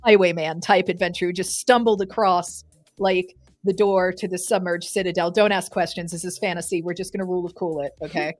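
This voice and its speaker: A woman's voice: lowish voice, fairly even intonation, brisk, soft background music. A woman player narrating her character's actions in a tabletop game, chatty and full of fillers. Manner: chatty storytelling with frequent "like" and laughs.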